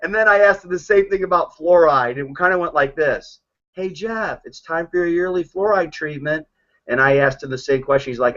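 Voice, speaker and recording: Man, slightly high voice, joking storyteller, casual group-call chat, muffled lo-fi audio. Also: a little fast, fairly bright tone. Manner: joking storyteller acting out quotes.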